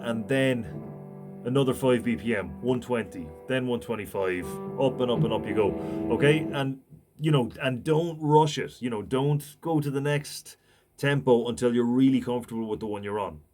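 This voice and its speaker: A man's voice: medium pitch, normal speed. Man recapping a guitar lesson, counting and scatting. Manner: patient, repeats okay and right, counts and scats riffs. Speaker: guitar teacher. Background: guitar and metronome.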